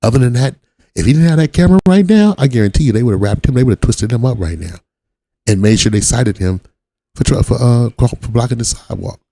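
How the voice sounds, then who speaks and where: A man's voice: mid-range voice, expressive, fast, gravelly, warm tone. A man from Watts giving blunt, profane reaction commentary on a video as the channel host. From Watts, Los Angeles. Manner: blunt, profane street talk.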